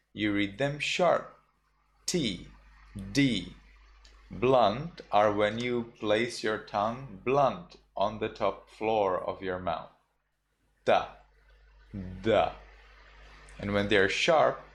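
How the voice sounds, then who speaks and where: Man, monk teacher, slow deliberate delivery, lowish voice, repeats each sound. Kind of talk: slow patient classroom teaching.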